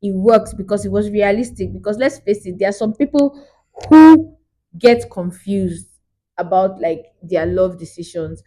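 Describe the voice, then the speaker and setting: A woman's voice: mid-range voice, measured pace. Chatty woman recapping a movie. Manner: chatty, animated storytelling with laughs. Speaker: movie reviewer. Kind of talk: casual movie review vlog.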